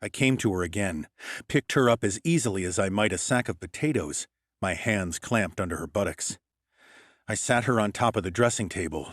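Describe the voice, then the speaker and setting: A man's voice: deep voice, no echo. A man reading a first-person story as an audiobook narrator, in a cool, matter-of-fact delivery on a close mic.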